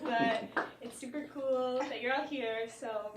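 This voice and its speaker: On stage, a young comedian parodies a self-help talk in mock-earnest fashion and giggles between lines. Her fairly high voice is steady in tone and a little slow. She is heard distantly in a noisy, echoey theater amid audience laughter.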